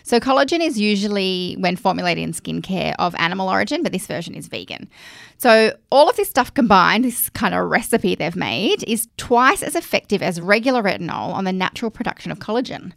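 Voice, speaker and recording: A woman with an Australian accent, co-hosting a casual chat, chatty and animated with laughing asides. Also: mid-range voice, fairly quick, creaky, no room sound, studio quality. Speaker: podcast co-host. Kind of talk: casual chat about skincare.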